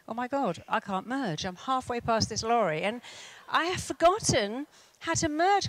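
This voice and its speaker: Animated British woman telling stories. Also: mid-range voice, no echo, poor audio. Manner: animated storytelling, acting out quoted voices. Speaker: therapist and speaker. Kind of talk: motivational talk with anecdotes.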